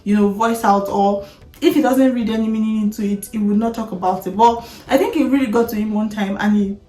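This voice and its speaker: A woman's voice: medium pitch, fairly quick, mellow. A woman in her thirties with a Nigerian accent, chatting candidly to camera as a vlogger, talking with frequent laughs and restarts. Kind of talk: candid personal chat to camera. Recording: echoey room.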